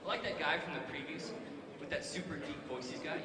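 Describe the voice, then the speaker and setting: High-voiced male motivational speaker, playful and jokey, live in an echoey hall. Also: animated, quick pace. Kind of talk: energetic stage talk to teens. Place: large hall with a live audience. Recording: echoey hall, loud crowd noise.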